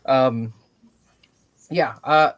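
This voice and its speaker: A man's voice: medium pitch, extremely slow, fairly bright tone, dull audio. A man co-hosting a casual sports chat, joking and contrarian, with lots of fillers and restarts. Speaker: podcast co-host.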